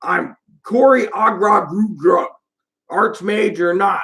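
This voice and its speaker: Man doing a gruff orc archmage. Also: high voice, slow, fairly bright tone, pitched above the performer's own voice, exaggerated voice. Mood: threatening. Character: gruff male orc librarian archmage, threatening.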